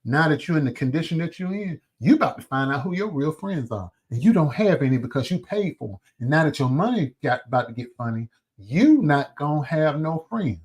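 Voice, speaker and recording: A man's voice: fairly high pitch, brisk, hardly any pauses, breathy edge. A man, hosting a heated commentary rant, profane and mocking as he talks. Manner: animated, profane, mocking imitations. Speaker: commentary show host.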